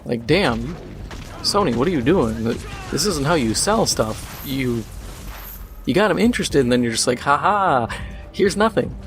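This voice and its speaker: A man of middling pitch talking through a game session in a loose, sarcastic rant, jumping between gripes and asides. Faint music hums underneath his commentary. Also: normal speed. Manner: ranting, sarcastic, animated. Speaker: gaming video host. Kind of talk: casual gaming commentary while playing.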